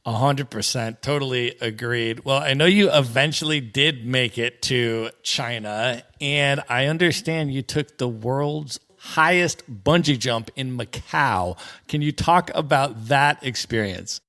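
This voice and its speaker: A man's voice: mid-range voice, measured pace, bright, forceful tone. A man hosting a travel podcast, friendly and affirming as he sets up his questions. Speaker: podcast host. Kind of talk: interview questions.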